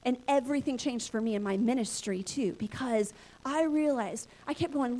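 Woman pastor, high voice, lively storytelling sermon, thirties. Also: normal speed. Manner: lively personal storytelling, acts out her own inner voices. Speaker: pastor and church planter.

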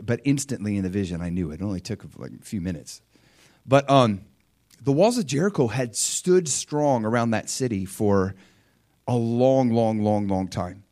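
A man preaching a sermon and recounting a vision, fervent, dropping to quiet asides and rising to loud surges, often restarting his words. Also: medium pitch. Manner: restarts and stumbles over words.

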